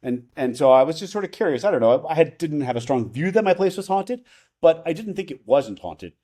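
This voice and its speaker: A man's voice: a little high, sing-song, a little fast, dark tone. A man who is a podcast guest telling a personal story in casual conversation, rambling, restarting his sentences and often asking "right?".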